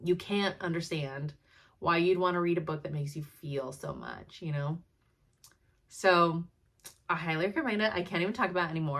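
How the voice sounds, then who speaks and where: A young adult woman talks casually to her viewers in a slightly low voice. She gushes freely, with lots of "like" and "um" and laughter slipping into her sentences. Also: normal speed, a bit bright. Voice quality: chatty, gushing, frequent "like" and "um", laughs while talking. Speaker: cross-stitch vlogger. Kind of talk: casual chat to camera.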